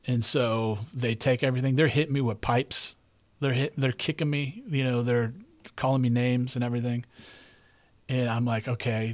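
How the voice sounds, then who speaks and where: A middle-aged man tells a story in a loose, conversational way, circling back and repeating words as he goes. He talks at a middle pitch and sounds like a relaxed podcast host chatting with a guest. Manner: rambling, conversational, repeats himself. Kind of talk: casual storytelling.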